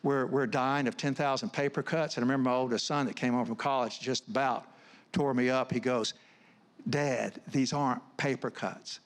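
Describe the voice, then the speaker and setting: A man's voice: mid-range voice, steady tone, fairly quick. A middle-aged man, giving an earnest, conversational sermon full of personal stories, often restarting his words. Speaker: guest speaker, counselor. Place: church stage.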